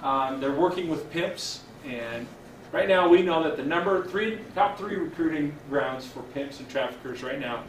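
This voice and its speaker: A middle-aged man, a chaplain, gives an earnest storytelling talk to a church audience, with halting fillers and restarts and a hush for quoted speech. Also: a little high. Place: church hall. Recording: echoey hall, distant mic, faint hiss.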